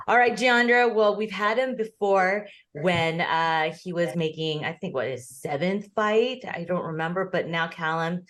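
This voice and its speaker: A woman co-hosting a boxing talk show with a somewhat low-pitched voice. She chats casually, strings stories together with fillers, and laughs often along the way. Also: steady tone, unhurried, fairly bright tone. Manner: chatty, storytelling, frequent laughter. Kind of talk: casual chat.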